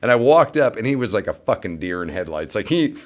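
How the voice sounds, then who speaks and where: A man's voice: fairly low pitch, brisk. A man in his thirties, a bandleader, telling a casual, profane story among friends and acting out the voices in it. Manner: animated, profane, acts out quoted voices. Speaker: bandleader and musician.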